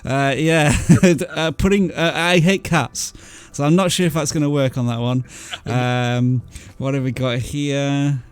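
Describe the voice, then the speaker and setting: A man's voice: medium pitch, steady tone, unhurried, hardly any pauses, smooth. Chatty man hosting a livestream. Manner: chatty, laughs often, reads viewer messages aloud. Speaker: livestream host. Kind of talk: casual livestream chat.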